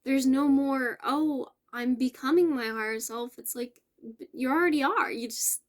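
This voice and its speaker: Gentle, affirming woman with a higher voice. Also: moderate pace. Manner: gentle, affirming, with soft laughs and self-corrections. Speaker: spiritual channel host. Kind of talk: casual spiritual message to viewers.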